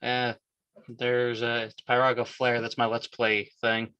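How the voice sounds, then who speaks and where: A man's voice: medium pitch, monotone, unhurried, sharp tone, clear, resonant tone, no echo, muffled recording. A man who works as a voice actor, chatting casually on a video call and stumbling a little as he speaks. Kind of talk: casual group chat.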